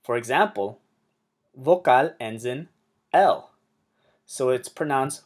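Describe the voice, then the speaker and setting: A male language teacher talks slowly and carefully, pausing between short phrases. His voice sits in an ordinary middle range. He says example words twice to set the wrong stress against the right one. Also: medium pitch, expressive. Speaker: Spanish teacher. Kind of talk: slow explanatory lesson.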